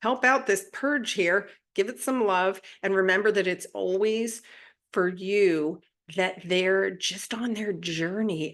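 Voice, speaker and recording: Woman, spiritual channel host, casual monologue, chatty, mid-pitched voice. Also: takes it slowly, a bit bright. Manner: chatty, often adds tag questions.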